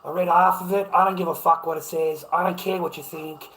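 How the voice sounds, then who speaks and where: A man's voice: on the high side, little pitch movement, fairly quick, fairly bright tone, poor audio. Brash, foul-mouthed Australian man. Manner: profane, brash, confrontational. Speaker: livestream host. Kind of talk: casual livestream chat reacting to comments.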